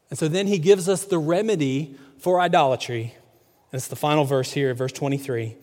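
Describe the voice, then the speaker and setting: Male pastor, fairly high voice, conversational sermon delivery with rhetorical questions, reverberant church sound. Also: steady tone, brisk, darkish tone. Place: church sanctuary. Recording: long hall reverb.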